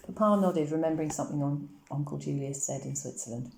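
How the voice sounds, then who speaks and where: A woman reading a children's novel aloud in a calm, measured storytelling manner, in an echoey room. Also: deep voice, creaky, slight background noise. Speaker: reader.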